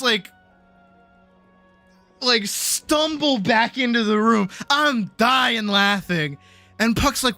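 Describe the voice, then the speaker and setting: A woman streamer telling a story in casual chat, animated, laughing often and swearing freely. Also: no echo. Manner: quotes people in big high-pitched voices.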